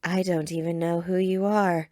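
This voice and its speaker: A plucky young trainer girl, as a woman puts her on, fond of her creatures and quick to defend them. She slips into old-fashioned thee and thou, in a lowish voice over a dry, close recording. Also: fairly even intonation, a little mellow, no echo, close to an everyday voice. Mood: defiant.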